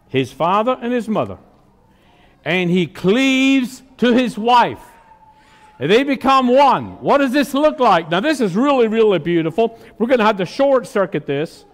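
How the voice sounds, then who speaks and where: A man with a very high speaking voice preaching a sermon, heard with a long reverb from a hall. He talks emphatically and keeps throwing questions out to the congregation. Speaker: pastor.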